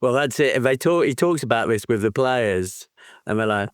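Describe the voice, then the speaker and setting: A man co-hosting a podcast, telling stories in a lively way and laughing often. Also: mid-range voice, moderate pace, no echo, clean studio sound. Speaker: podcast co-host. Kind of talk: casual chat.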